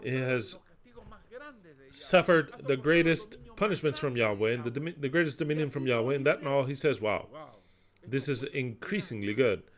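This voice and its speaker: A man delivering a sermon in an average-pitched voice. He declaims scripture forcefully, then drops into quiet, explanatory asides. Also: brisk. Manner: emphatic, swings between loud declaiming and quiet asides. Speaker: preacher.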